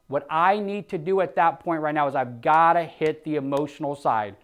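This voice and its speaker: A man's voice: fairly high pitch, fairly quick, few pauses. A man coaching insurance agents, acting out phone scripts and punching points with emphatic exclamations. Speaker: sales trainer. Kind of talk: sales coaching lesson with role-played scripts.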